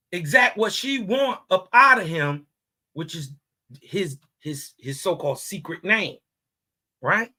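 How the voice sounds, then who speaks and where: A man reads scripture aloud, then breaks into mocking, laughing commentary in street slang, often checking his listeners are following along in this casual religious talk. His voice is high, bright, and forceful.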